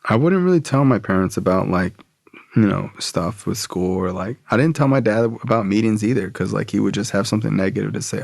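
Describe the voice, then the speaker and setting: A man's voice: lowish voice, a little fast, creaky, no room sound, clean studio sound. A man, a podcast guest, telling a personal story in a casual, loose way, full of "like" and "bro". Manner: casual, relaxed, frequent "like" and "bro".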